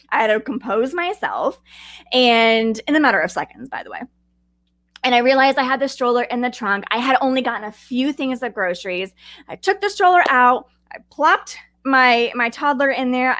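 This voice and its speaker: Lively woman hosting a talk podcast. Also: a little high, normal speed, no echo. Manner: animated, chatty, addresses listeners directly. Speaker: podcast host. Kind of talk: teaching talk with personal stories.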